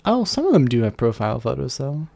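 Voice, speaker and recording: Casting: male streamer, mid-pitched, gravelly, dark tone, loose rambling live-stream chat at a desk mic. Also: wildly swooping pitch, fast. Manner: rambling, chatty, playful asides. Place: warm room at home. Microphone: desk microphone. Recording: slight background hum.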